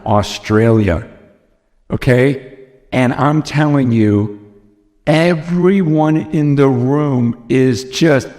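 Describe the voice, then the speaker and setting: An American man preaching a sermon, earnest and emphatic, often repeating phrases, recorded in a large church hall. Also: sits high. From United States. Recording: long reverb from a large hall.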